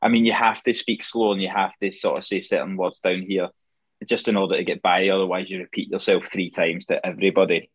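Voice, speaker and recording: A man's voice: low voice, level tone, a little fast, breathy edge. A young man with a strong Scottish accent, a tattoo artist chatting casually, who hesitates and repeats his words. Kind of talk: casual chat.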